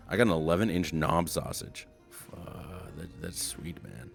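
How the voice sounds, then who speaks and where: A man's voice: low-pitched, normal speed, vocal fry, soft background music. A man streaming an old online game, reading its text aloud with wry, playful remarks. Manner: wry, playful, reads quotes in funny voices.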